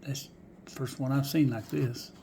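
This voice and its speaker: A man's voice: mid-range voice, steady tone, normal speed, vocal fry, warm tone, slight background noise. A man showing off die-cast cars in a casual vlog, folksy and musing aloud, often dropping to a whisper. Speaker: die-cast car collector showing finds. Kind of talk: casual show-and-tell vlog.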